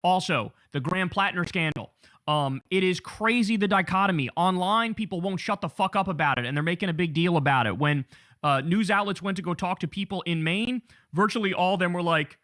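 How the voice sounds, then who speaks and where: A man hosting a commentary show, energetic and chatty, running through the day's headlines. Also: sits high, brisk, dry recording, studio quality. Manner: energetic, chatty, addresses chat as y'all. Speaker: host. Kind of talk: news commentary show opening.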